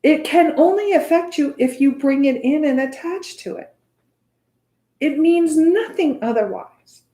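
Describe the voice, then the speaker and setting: Chatty high-voiced American meditation teacher. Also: female voice, animated, a little slow, warm tone, reverberant. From United States. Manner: chatty, often adds "right?". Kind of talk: casual spoken teaching.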